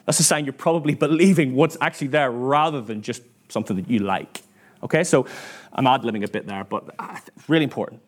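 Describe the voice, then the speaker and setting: A man's voice: medium pitch, fast. A man preaching a sermon in church, chatty and self-mocking, acting out quoted voices as he tells stories.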